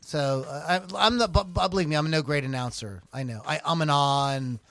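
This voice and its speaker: Brief: man from Philadelphia, loose filler-packed podcast banter with a bright, slightly high voice. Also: brisk. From Philadelphia, USA. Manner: rambling, filler-heavy and self-interrupting. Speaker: podcast co-host. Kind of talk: casual chat.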